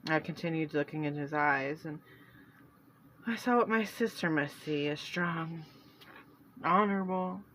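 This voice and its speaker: A woman reading her own fantasy novel aloud in first person, earnest and halting with restarts. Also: deep voice, a bit bright, a little hiss or hum, low-quality recording.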